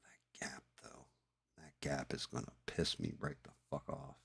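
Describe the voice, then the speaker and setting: A man's voice: extremely low pitch, fairly even intonation, measured pace, vocal fry, fairly bright tone, slightly rough, no room sound. A man hosting a live stream, chatting casually and swearing as he paints at his hobby desk, talking into a headset. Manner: profane, mutters to himself while working. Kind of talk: casual chat while painting.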